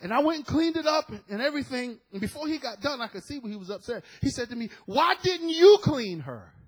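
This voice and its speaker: A middle-aged man preaching a sermon, telling a story with animated quoted dialogue. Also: very high voice, fast talker, low-quality recording.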